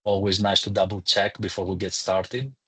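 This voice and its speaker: A man's voice: low-pitched, flat delivery, moderate pace, a bit bright, slightly rough. A man, a lecturer, hosting a live online webinar in a chatty, welcoming way with some fillers, speaking into a computer mic.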